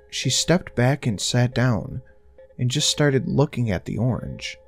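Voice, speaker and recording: A man narrating a first-person horror story in a tense, intense way, swearing now and then. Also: mid-range voice.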